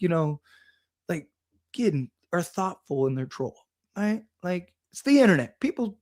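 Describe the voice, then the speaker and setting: A young man hosting a casual livestream, chatty and animated, laughing often as he talks. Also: on the high side. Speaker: livestream host.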